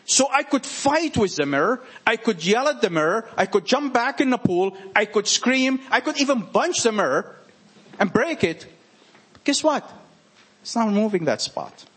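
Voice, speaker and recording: A man with a French accent gives an informal sermon to a small group, his voice high for a man and a little husky. He swings his pitch widely and keeps hammering his points through repetition. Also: normal speed. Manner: animated, repetitive and emphatic. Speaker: preacher.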